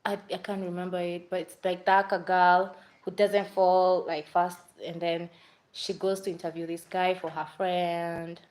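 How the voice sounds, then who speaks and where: A woman's voice: fairly low pitch, flat delivery, measured pace, darkish tone, rough recording. Chatty Kenyan woman rambling casually. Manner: chatty, rambling, mixes in Swahili fillers. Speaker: vlogger reviewing movies. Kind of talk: casual livestream chat.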